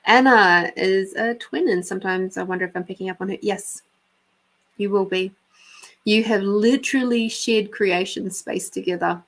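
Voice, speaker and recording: A woman's voice: mid-range voice, normal speed, fairly bright tone. An Australian woman hosting a live intuitive reading show, telling stories in a chatty way with frequent laughter and a casual swear now and then. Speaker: host and intuitive reader. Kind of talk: live psychic reading and storytelling.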